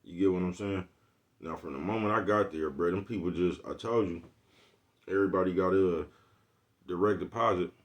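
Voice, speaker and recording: A man's voice: low-pitched, normal speed, pauses often, muffled recording. A man ranting casually on a livestream in streetwise slang, who keeps asking his viewers if they follow him. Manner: streetwise slang, keeps asking "you know what I'm talking about". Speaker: livestream vlogger.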